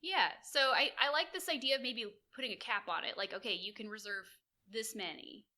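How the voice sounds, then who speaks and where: A woman co-hosting a casual podcast chat, playful and quick to agree. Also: a little high, sharp tone. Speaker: podcast co-host.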